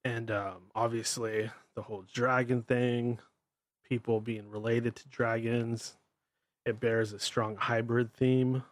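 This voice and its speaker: A man's voice: medium pitch, little pitch movement, slow, dry recording. A man with a Pacific Northwest American accent hosting his show, ranting bluntly and irreverently. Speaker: podcast host. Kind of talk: ranting monologue.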